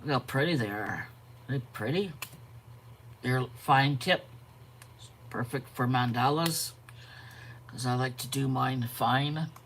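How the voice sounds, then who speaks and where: A woman hosting a live art stream, chatting casually, greeting viewers by name and pausing to yawn and correct herself. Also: very deep voice, slight background noise. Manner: frequent yawns and self-corrections. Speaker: art channel host.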